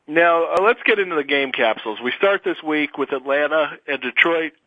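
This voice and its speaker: A tired man hosting a fantasy football chat, firing off quick questions. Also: fairly high pitch, expressive, no echo, phone-quality sound. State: tired, yawning. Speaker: podcast host.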